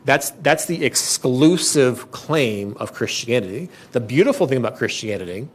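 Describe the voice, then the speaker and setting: A man preaching a sermon with an earnest, emphatic delivery, pressing his points hard and often circling back to restart a phrase. His voice sits at an ordinary middle pitch, and he speaks as a pastor addressing his congregation in a church. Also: expressive, normal speed.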